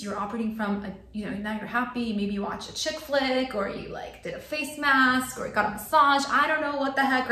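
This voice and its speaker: A woman's voice: fairly high pitch, a bit bright, reverberant. A woman vlogger giving an earnest motivational talk to camera, repeating phrases for emphasis. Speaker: lifestyle vlogger.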